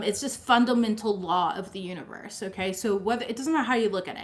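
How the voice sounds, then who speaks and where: A young woman giving a casual live-streamed tarot reading, chatty and full of fillers, often checking in with her viewers. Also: on the high side. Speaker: tarot reader.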